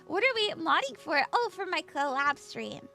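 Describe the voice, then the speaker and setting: A woman's voice: extremely high pitch, sing-song, normal speed, gravelly, music in the background. A bubbly, giggly woman chatting casually with her livestream audience as a tarot reader, just woken up. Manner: bubbly, giggly, greets chat by name. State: just woke up.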